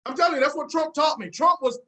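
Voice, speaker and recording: Bright-voiced preachy motivational speaker man. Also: very high voice, fast talker, low-quality recording. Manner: preachy call-and-response, confident, repeats key phrases. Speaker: network marketing team leader. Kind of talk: motivational seminar talk.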